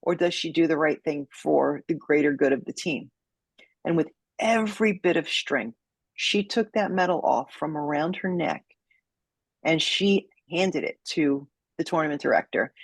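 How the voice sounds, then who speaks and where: A woman with a husky, slightly breathy voice tells a story as a podcast guest. She dramatizes it, acting out each quote. The sound is dry and close. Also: low voice, normal speed, no room sound. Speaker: guest, judo sensei.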